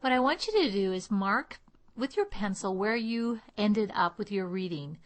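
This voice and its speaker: A woman accent coach giving a clear, measured speech lesson. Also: mid-range voice, lively intonation. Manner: clear, measured teaching delivery. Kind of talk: instructional lesson.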